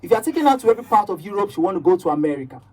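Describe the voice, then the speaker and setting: Mellow, husky Nigerian woman on radio. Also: mid-range voice, big pitch swings, rapid-fire, recorded from a distance. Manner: rambling, keeps asking "do you understand?". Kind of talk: casual radio chat.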